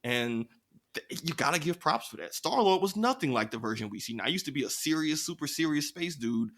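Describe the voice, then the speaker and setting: A man co-hosting a podcast, talking in an animated, slangy way with quick riffs. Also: fairly high pitch. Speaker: podcast co-host. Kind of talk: casual chat.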